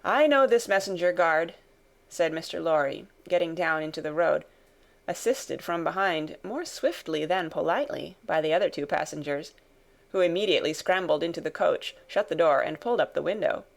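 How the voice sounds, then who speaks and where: Give me a low-voiced woman with a gravelly texture, narrating an audiobook. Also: fairly quick. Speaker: audiobook reader. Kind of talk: audiobook narration of a classic novel.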